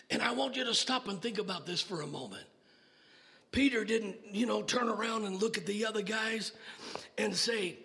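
A man preaching a sermon, building to shouted exclamations with many "uh" and "amen" fillers. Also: sits high, normal speed, gravelly.

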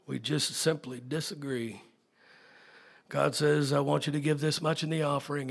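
A middle-aged man preaching a sermon as pastor, emphatic, swinging from soft to loud. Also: a little high, fairly even intonation, brisk, gravelly.

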